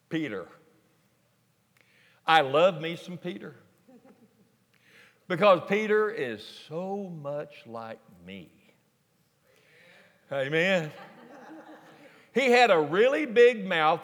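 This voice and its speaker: A man preaching a folksy, animated sermon to a congregation in a large church sanctuary. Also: fairly high pitch. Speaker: pastor. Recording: long reverb of a large church hall.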